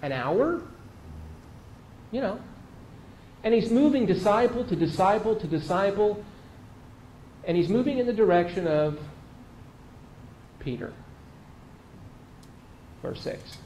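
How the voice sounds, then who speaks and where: Male pastor, conversational sermon delivery, a touch high-pitched, roomy echo. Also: animated, measured pace, long pauses, a little mellow. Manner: conversational, vivid storytelling with emphatic repeats. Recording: echoey room with faint noise.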